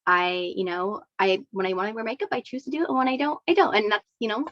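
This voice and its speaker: A woman's voice: mid-range voice, quick pace, dry recording. A woman talking in a casual interview, rambling and affirming, with lots of "like" and "you know". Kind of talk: casual video-call interview. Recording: dull, dry lo-fi audio.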